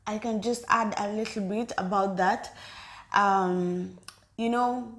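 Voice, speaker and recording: A woman co-hosting a casual relationship discussion. Her voice is mid-pitched, and she talks directly to viewers. Her chatty delivery keeps circling back to the same phrases. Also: fairly even intonation, slow pace, a bit bright. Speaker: co-host of a couple's channel. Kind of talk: casual chat.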